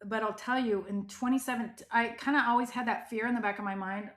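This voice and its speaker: A middle-aged woman from the United States telling her life story as a guest in an interview, animated and emphatic, acting out what people said. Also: on the high side, fast. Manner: animated, emphatic, frequent "like" and quoted dialogue.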